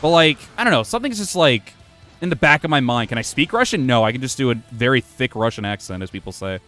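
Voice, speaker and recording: A man's voice: mid-range voice, very animated, fast talker, sharp tone. A man casually commenting while he plays a video game, rambling, self-mocking and swearing freely. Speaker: gaming streamer. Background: faint music playing from his computer.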